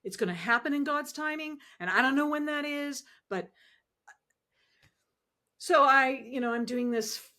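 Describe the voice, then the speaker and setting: A woman telling animated, emotional stories as a podcast guest, acting out the voices she quotes. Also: high-pitched, moderate pace, long pauses. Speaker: podcast guest, ministry founder. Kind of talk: conversational storytelling interview.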